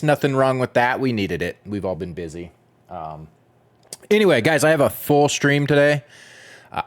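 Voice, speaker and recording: A man chatting casually with viewers while he streams a video game, rambling and chuckling as he goes. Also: mid-range voice. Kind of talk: casual gameplay chat.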